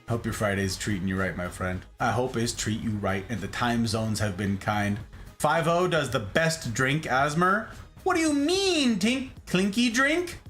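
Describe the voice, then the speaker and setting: Male streamer host, bright and sharp tone, playful chat with viewers. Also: fairly high pitch. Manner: playful, animated, greets viewers by name. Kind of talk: casual chat reading live chat.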